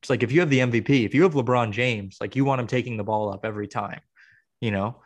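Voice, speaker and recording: A man's voice: medium pitch, fast. A young man co-hosting a podcast, venting in a rambling, exasperated way with many restarts. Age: young adult. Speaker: podcast co-host. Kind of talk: casual chat.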